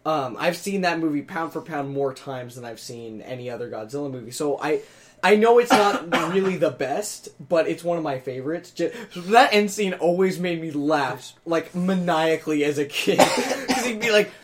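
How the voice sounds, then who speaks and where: A man's voice: a little high, expressive, moderate pace. A man in casual chat, rambling and correcting himself as he makes a point.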